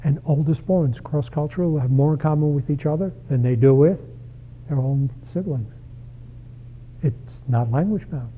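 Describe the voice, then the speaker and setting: A man's voice: mid-range voice, slight background noise. A man in his sixties, a psychologist giving a direct, conversational talk to parents and putting questions to the audience. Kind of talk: lecture to parents. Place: church hall. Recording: tinny phone-like sound.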